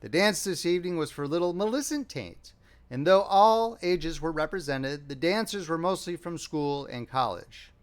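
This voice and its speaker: A man narrating a classic short story as an audiobook reader, with a wry, expressive delivery. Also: fairly high pitch, normal speed. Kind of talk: scripted narration.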